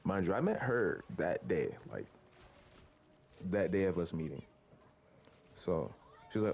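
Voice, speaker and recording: This teenage vlogger has a low, gravelly, sing-song voice with a darkish tone, and he speaks slowly with frequent pauses. He's casually telling his viewers a rambling personal story on camera, stuffed with "likes" and false starts.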